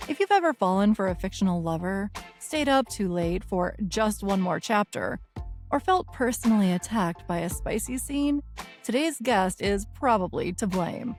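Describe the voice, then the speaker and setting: A woman co-hosting a romance podcast, reading the intro in a smooth, measured narrator manner. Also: medium pitch, lively intonation, a little mellow, soft background music. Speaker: podcast co-host. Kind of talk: scripted podcast intro and casual chat.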